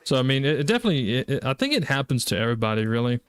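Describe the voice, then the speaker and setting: A man's voice: mid-range voice, sing-song, rapid-fire, smooth, no room sound. A man with a Southern US accent chatting casually while streaming a game, rambling with lots of fillers and restarts. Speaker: gaming streamer. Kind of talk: casual live-stream chat while gaming.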